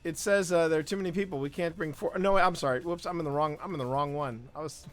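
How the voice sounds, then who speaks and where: A man hosting a live gaming stream, chatting casually and breaking into laughing asides and quick self-corrections. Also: a little high, soft background music. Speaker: stream host.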